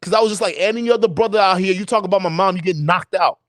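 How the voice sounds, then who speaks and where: A young adult man on a livestream chat, telling personal stories in a lively, profane way and acting out the voices of people he quotes. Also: sits high, quick pace, no room sound. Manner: animated storytelling, acts out quoted voices, profane. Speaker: podcast co-host.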